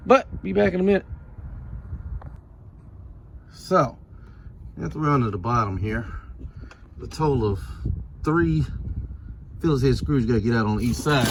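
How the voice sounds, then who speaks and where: A man's voice: medium pitch, a little mellow, slight background noise. A man narrating a casual do-it-yourself car repair, swearing freely and joking with dry sarcasm while he works on a car. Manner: profane, sarcastic, laid-back. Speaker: DIY car repair vlogger. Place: garage or driveway, working on a car.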